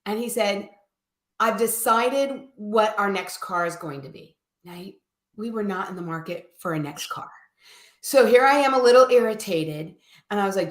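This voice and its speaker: A middle-aged woman, a live-show guest, telling a story in a casual, animated way and acting out quoted voices. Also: medium pitch, moderate pace. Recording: echoey room.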